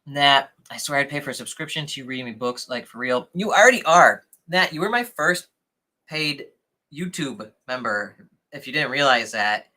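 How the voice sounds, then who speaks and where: A young man hosts a casual livestream, reading comments and thanking his viewers with excitable, chatty energy. His voice sits at a middling pitch and has a very bright, forceful tone. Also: normal speed. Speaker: livestream host.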